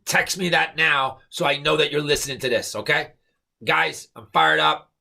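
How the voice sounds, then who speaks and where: A man's voice: on the high side, normal speed, creaky, bright, forceful tone. A man giving an emphatic, repetitive motivational pep talk to camera, stressing his points with "okay?". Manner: fired-up, preachy. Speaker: network marketing motivational speaker.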